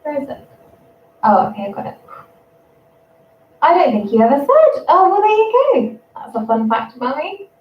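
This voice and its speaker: A young English woman in her twenties, a primary school teacher chatting casually on a livestream, rambling and quick to laugh. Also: high-pitched, very animated. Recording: roomy, distant, dull sound.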